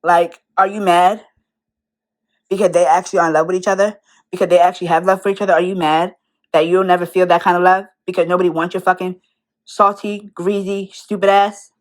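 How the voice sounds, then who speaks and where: A woman's voice: on the low side, flat delivery, a little fast. A young woman in an angry, profane rant, firing rhetorical questions at the person she is calling out. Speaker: commentary vlogger.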